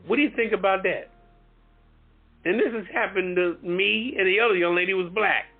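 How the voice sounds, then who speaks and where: A man co-hosting a talk show, telling a story in an animated, emphatic way and swearing freely. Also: high voice, breathy edge. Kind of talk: casual storytelling chat. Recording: phone-like lo-fi audio with faint music.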